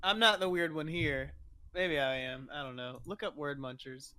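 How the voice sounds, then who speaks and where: A man's voice: a little high, normal speed, bright, forceful tone, slight background noise. A man co-hosting a casual podcast, easily cracking up and swearing casually as he chats. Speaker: podcast co-host. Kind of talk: casual chat.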